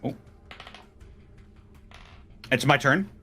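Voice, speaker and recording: A man's voice: very slow, pushed and bright, soft background music. A man playing a tabletop role-playing game, chatting casually and laughing a lot as he describes his character's actions. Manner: laughing, playful. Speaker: player.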